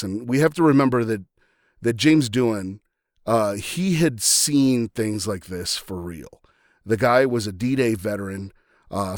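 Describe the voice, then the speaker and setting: A man's voice: mid-range voice, no echo, clean studio sound. A man hosting a podcast, talking through a film scene in a casual, rambling way with frequent restarts. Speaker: podcast host.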